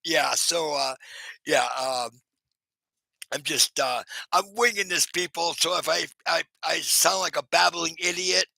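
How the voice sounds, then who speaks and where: A man chatting on a live stream in a heavily gravelly, sharply bright voice with a husky edge. He rambles through fillers and restarts, greets viewers by name and often laughs at himself. The sound is very dry. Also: fairly high pitch, measured pace, no room sound, poor audio. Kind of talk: casual live-stream chat.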